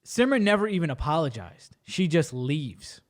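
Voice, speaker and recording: Higher-voiced man telling a story, slangy and animated. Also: moderate pace. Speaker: podcast co-host. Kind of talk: casual storytelling.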